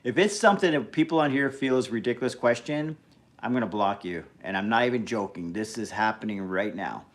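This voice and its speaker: A man hosting a casual live stream, talking bluntly in an animated rant that is full of swearing. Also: fairly low pitch, brisk. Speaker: livestream host.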